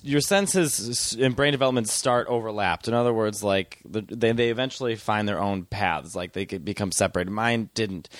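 A comedian guest chats on a podcast, explaining with animated restarts. His voice sits at a middling pitch. It is recorded close and dry on a studio mic. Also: dry recording. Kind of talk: casual podcast chat.

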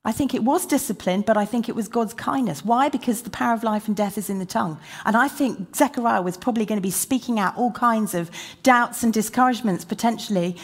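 A woman preaching a sermon, acting out quoted prayers and questions with rising energy, then dropping to a quiet, earnest tone. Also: on the high side, fast talker, slightly rough. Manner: animated, acts out quoted prayers with rising intensity.

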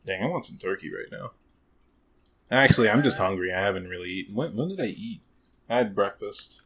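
A man's voice: fairly low pitch, lively intonation, a little fast, a bit bright, breathy edge. A man in casual podcast chat, laid-back and joking, calling people dude and bro. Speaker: podcast co-host.

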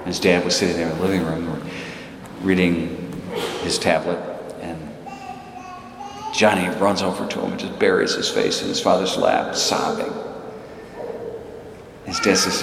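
A man preaching, telling a story in a relaxed way with some fillers. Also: sits low, a little slow, creaky, long pauses. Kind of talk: storytelling sermon. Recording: echoey hall with background noise.

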